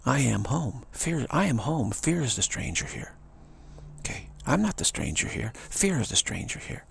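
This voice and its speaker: Very gravelly, husky-voiced man telling a story. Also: mid-range voice, normal speed. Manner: animated storyteller who repeats phrases and drops into whispered asides. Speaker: spiritual teacher. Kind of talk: casual storytelling talk.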